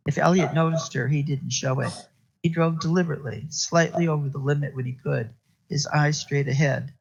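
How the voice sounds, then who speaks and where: Man reading a crime novel aloud, steady, gravelly, husky. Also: on the high side, dull audio. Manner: steady reading with small restarts. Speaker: reader.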